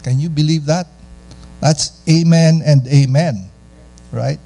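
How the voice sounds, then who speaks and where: A man from the Philippines with a Filipino accent, preaching a lively, conversational sermon and asking the audience questions. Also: fairly high pitch, slow, creaky.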